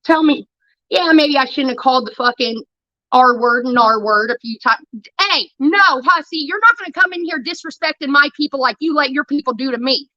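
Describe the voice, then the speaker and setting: Fiery, foul-mouthed high-voiced woman ranting. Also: normal speed, sharp tone, dry recording, dull audio. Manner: profane, confrontational, heated. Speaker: livestreamer. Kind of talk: ranting livestream monologue.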